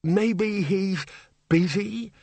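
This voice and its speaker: A meek, quavering wizard bursar , played by a man, who speaks slowly and timidly. His pitch sits above the reader's own, and the recording is dry and close. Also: a little mellow, no echo, exaggerated voice.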